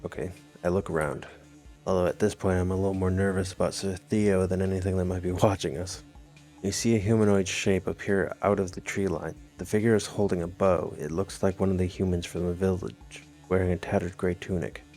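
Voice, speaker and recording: A man's voice: low voice, fairly even intonation, fairly quick, a little mellow, soft background music. A man reading a text adventure game aloud, adding wry, amused comments of his own. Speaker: gamer.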